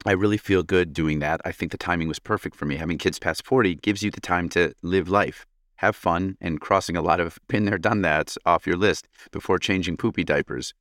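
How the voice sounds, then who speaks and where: A man with a deep voice co-hosts a casual podcast and reads a listener's letter aloud. He jokes and laughs his way through it. The sound is dry and close. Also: fairly quick, fairly bright tone, dry recording. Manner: playful, laughs often, jokes while reading. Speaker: podcast co-host.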